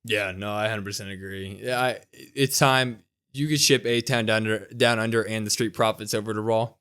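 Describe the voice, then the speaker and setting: A young man co-hosting a podcast, recapping a wrestling episode in casual, animated chat. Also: on the low side, normal speed, clear, resonant tone. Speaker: podcast co-host.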